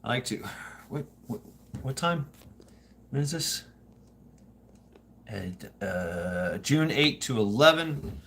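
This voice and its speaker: A man's voice: medium pitch, lively intonation, slow, pauses often, fairly bright tone, slight background noise. A man hosting a casual live stream, chatting with viewers in a rambling, profane way, laughing often and restarting his sentences. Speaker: streamer host.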